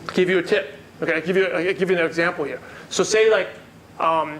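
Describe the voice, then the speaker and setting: Male sales trainer, high voice, quizzes a live room, faint hum behind. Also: fast, a bit bright. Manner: asks the audience questions and repeats their answers. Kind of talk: live workshop lecture. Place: meeting room with a live audience.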